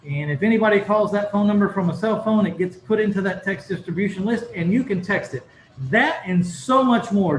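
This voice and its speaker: A man hosting a podcast in a loose, casual way, full of fillers and restarts. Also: high-pitched. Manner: rambling, filler-heavy, self-correcting. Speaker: podcast host. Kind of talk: casual interview chat. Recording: roomy with faint background noise.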